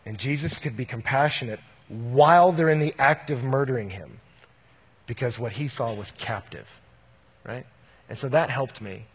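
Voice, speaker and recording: In a large hall, a man who works as a youth minister responds to an audience question in a husky, medium-pitched voice at a moderate pace. His conversational answer is frank and story-driven, with frequent scripture quotes.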